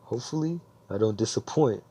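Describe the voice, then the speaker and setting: A man's voice: mid-range voice, expressive, fairly quick, mellow, breathy edge. A man voicing a smug, polite teenage boy genius billionaire, close to his own voice.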